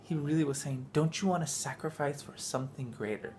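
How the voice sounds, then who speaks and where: Chatty dad vlogging, noisy audio. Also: male voice, fairly high pitch, a little fast, darkish tone. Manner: rambling with frequent restarts. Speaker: vlog host and father. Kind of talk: casual family vlog chat.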